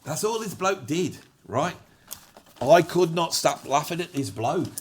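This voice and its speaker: A man's voice: on the high side, lively intonation, measured pace, husky. A middle-aged English man talking off the cuff in a rambling, self-mocking vlog. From England. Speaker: YouTuber, musician. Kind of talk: rambling unscripted vlog monologue.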